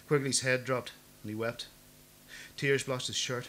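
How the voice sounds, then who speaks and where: A man narrating an audiobook in a measured, even storytelling manner. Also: mid-range voice, slight background noise.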